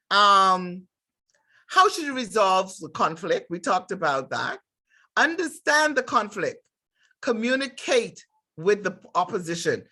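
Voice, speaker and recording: A woman's voice: mid-range voice, fairly bright tone. Emphatic woman lecturing nursing students. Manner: emphatic, direct, acts out workplace dialogues. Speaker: nursing instructor. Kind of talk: lecture with acted examples.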